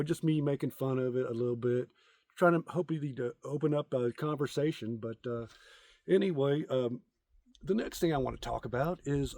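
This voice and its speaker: A man's voice: fairly high pitch, darkish tone, no room sound. A middle-aged man telling crude, rambling jokes outdoors in a casual comedic vlog, with many ums and uhs. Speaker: content creator.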